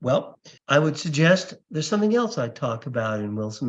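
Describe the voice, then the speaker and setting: A man's voice: medium pitch, very animated, normal speed. An older man, a comedy magician and podcast guest, telling stories with animation and acting out other people's voices. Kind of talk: storytelling interview answer. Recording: slightly dull lo-fi sound.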